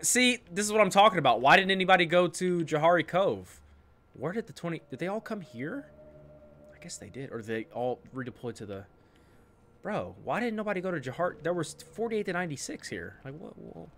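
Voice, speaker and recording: A man's voice: high-pitched, sing-song, moderate pace, slight background noise. A man giving casual, joking commentary over his own game footage. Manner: chatty, joking, loud outbursts. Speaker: gaming YouTuber.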